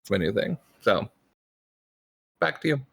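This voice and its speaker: Bright-voiced rambling laid-back man. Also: fairly low pitch, sing-song, unhurried, vocal fry. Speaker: player. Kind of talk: casual chat.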